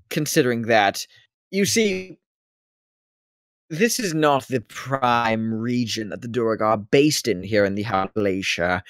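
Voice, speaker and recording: A rambling, fussy slave-owner with a British accent, as a man puts him on for a tabletop game. He talks formally in a middle-pitched voice and wanders off topic. The sound is dry and close, with no room around it. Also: no echo. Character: rambling male former slave turned wealthy slave-owner. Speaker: non-player character. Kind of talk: tabletop role-play voicing.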